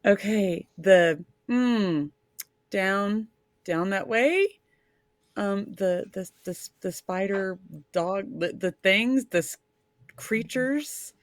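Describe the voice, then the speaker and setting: A woman's voice: mid-range voice, extremely slow, dry recording. A woman playing at a tabletop game, fumbling for words with a dry wit.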